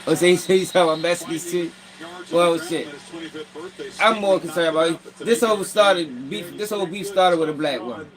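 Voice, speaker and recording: A man hosting a casual commentary show, profane and quick to laugh. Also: high voice, a crowd in the background, poor audio. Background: music.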